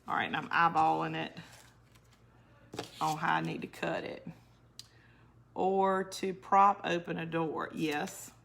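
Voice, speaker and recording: A woman's voice: deep voice, little pitch movement, slow, gravelly, long pauses, a bit bright, slight background noise. Chatty woman hosting a crafting stream. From northern United States. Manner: chatty, laughs often, talks back to viewer comments. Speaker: crafting channel host. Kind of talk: casual livestream crafting chat.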